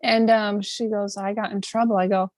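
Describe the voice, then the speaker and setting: A woman's voice: medium pitch, moderate pace, dry recording. A woman co-hosting a casual podcast chat, telling stories animatedly and acting out the people she quotes. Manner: lively storyteller, acts out quoted voices. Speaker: podcast co-host.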